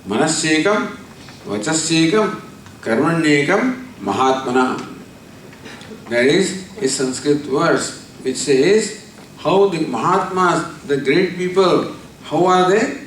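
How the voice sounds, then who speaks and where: A man gives a spiritual discourse in a fairly high voice. He tells stories and explains Sanskrit terms patiently, repeating each one. The recording has heavy echo, sounds distant from the mic, and carries a faint hiss. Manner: storytelling, explains Sanskrit terms slowly with repetition. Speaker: spiritual teacher. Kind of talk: discourse on scripture. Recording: echoey hall from far off, faint noise.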